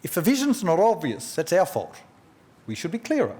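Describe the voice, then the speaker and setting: A man's voice: high voice, wildly swooping pitch, warm tone. Guy giving a formal speech at a podium, lecture-like, asks questions back at the room, voice swings up and down a lot. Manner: measured lecturing with rhetorical questions and anecdotes. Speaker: economist giving a memorial oration. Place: large function room at a press club.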